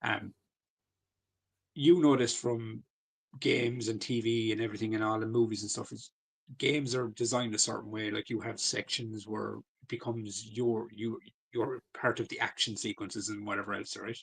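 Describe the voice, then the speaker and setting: A man's voice: fairly low pitch, steady tone, moderate pace, gravelly, a bit bright, husky. A man, co-hosting a podcast in loose, sweary casual chat full of fillers. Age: 40s. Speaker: podcast co-host.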